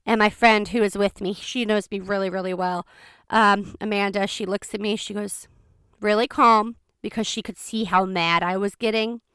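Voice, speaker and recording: A chatty woman recounting a story in a casual vlog, quick and expressive. Her voice is smooth and clear at a mid pitch, and the sound is close and dry, with no room echo. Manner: chatty, expressive, fast bursts. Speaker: vlogger.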